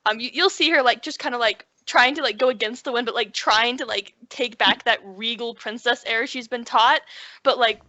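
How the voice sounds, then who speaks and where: A woman's voice: a little high, moderate pace, bright, forceful tone, no room sound. A young woman player describing her tabletop character in a rambling way full of "like", heard through a dry, dull lo-fi recording. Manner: rambling, with many likes.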